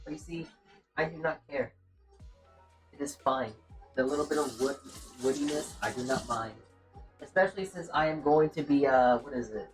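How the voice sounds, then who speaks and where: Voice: mid-range voice, moderate pace, long pauses. A streamer cooking in a home kitchen, chatting casually to viewers and to themself while reading chat. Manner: rambling, chatty, talks to self and chat. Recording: distant mic with music behind.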